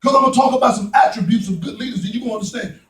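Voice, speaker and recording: A man's voice: extremely high pitch, rapid-fire, a bit bright, faint music behind. A man preaching a sermon in a folksy, joking manner, recorded in a church. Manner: folksy preaching, playful asides. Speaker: pastor. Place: church sanctuary. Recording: echoey church, mic at a distance, congregation heard. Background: congregation responding.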